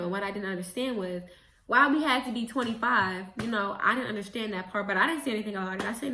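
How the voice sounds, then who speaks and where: A young adult woman casually retelling a story as a vlogger, chatty and animated, with quick self-corrections. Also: on the high side, slight background noise. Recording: roomy echo.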